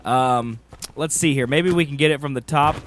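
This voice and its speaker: A man's voice: mid-range voice, moderate pace, fairly bright tone, a little hiss or hum. A man giving a casual gameplay walkthrough, with wry, sarcastic asides. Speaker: game guide host.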